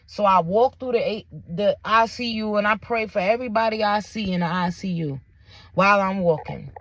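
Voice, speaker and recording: A woman's voice: mid-range voice, normal speed, a bit bright. Young woman telling a candid story. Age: young adult. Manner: candid, emphatic, slangy with faith phrases. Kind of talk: personal storytelling to camera.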